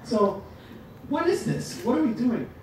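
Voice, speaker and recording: A man leading a teaching workshop, lively and joking as he demonstrates to the audience. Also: very high voice, measured pace. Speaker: workshop presenter. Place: lecture room. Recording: echoey hall from a distance, noisy.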